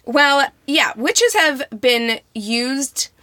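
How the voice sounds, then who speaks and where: A woman's voice: sits high, animated, very slow, bright, forceful tone, dry recording. A young adult woman co-hosting a podcast, chatting casually with many fillers. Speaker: podcast co-host. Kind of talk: casual chat.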